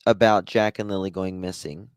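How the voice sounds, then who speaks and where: A man hosting a livestream, giving sarcastic, drawn-out commentary on a news clip. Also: low-pitched, flat delivery, smooth, no echo, studio quality. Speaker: livestream host.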